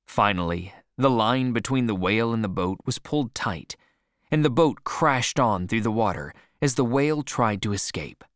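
Brief: male audiobook narrator, low voice, lively melody, dry close sound. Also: moderate pace, no room sound. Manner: expressive storytelling.

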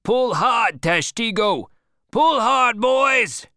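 A man voicing a bold, excited male whaling mate who shouts orders to his crew. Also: very high voice, drawn-out words, dry recording, studio quality, voice pushed up, full character voice. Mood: shouting.

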